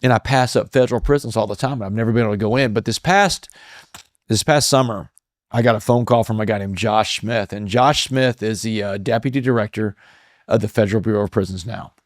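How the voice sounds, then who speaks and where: Middle-aged man, somewhat low voice, dry close sound, casual storytelling. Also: fairly quick, no echo. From Texas. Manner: casual, animated storytelling with many "man" fillers. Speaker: guest, motivational speaker. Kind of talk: storytelling in a podcast interview.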